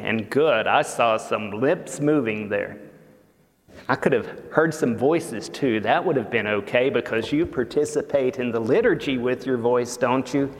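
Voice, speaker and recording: A man preaching a sermon as pastor, slow and emphatic, leaning hard on key words. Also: medium pitch, in a large hall. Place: church sanctuary.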